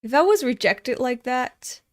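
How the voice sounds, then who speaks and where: A young woman reads a comic aloud and comments bluntly and casually, often exasperated. Her voice sits fairly high, and her pace is slow and unhurried. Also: animated. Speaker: comic reader.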